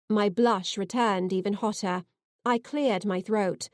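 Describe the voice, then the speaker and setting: Slow, expressive woman reading a novel. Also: mid-range voice, no echo, studio quality. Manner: expressive, heartfelt. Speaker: audiobook narrator. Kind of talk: first-person audiobook narration.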